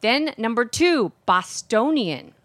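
A woman co-hosts a radio show with a bright, clear voice, playful and teasing as she works through a list. She sounds close and dry, right on the mic. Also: on the high side, lively intonation, slow pace, no echo. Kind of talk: casual comedic radio banter.

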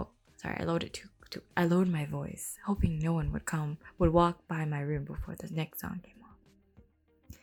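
A woman's voice: on the low side, fairly even intonation, moderate pace, vocal fry. Giggly woman reading a novel aloud. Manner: giggly, breaks off to comment and laugh; drops to a whisper for hushed passages. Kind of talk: casual read-aloud with chatty asides. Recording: soft background music under the voice.

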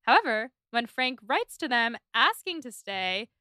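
A woman's voice: a little high, big pitch swings, measured pace, pushed and bright, clear, resonant tone, no room sound, studio quality. A woman co-hosting a podcast, chatting casually and summarizing a story's plot with playful asides. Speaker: podcast co-host. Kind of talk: casual book-club chat.

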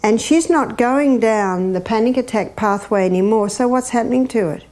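An older woman teaches a room of listeners with energy, quizzing them as she goes. Her voice is warm and mellow, a little higher than most women's. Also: moderate pace. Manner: lively, imitates bird laughs, asks the audience questions. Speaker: health educator. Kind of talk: animated teaching talk.

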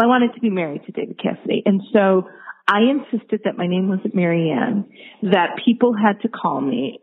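A woman in her fifties with a New York accent tells her story in a chatty, self-mocking way. Her voice comes through thin and phone-like, as if on a tinny line. She sits right in the middle range for pitch. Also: breathy edge. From Rochester, New York. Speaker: listener sharing a story. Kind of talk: recorded personal anecdote. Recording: tinny phone-quality recording.

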